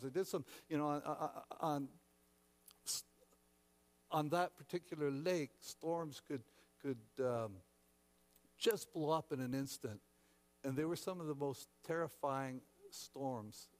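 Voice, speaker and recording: A man preaching a sermon as pastor, repeating words and restarting often, then dramatically acting out frightened voices. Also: mid-range voice. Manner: dramatic, acts out shouting disciples.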